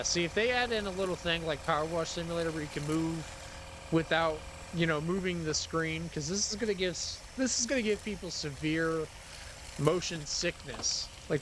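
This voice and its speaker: A man streaming a driving game live, rambling in casual commentary, sarcastic and quick to swear. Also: a little high, noisy background.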